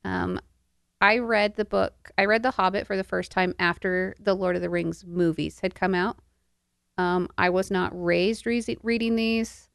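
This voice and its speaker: A woman's voice: mid-range voice, steady tone, measured pace, vocal fry, a bit bright, no room sound, clean studio sound. An adult woman co-hosting a podcast, speaking thoughtfully and earnestly in a casual book discussion. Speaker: podcast co-host.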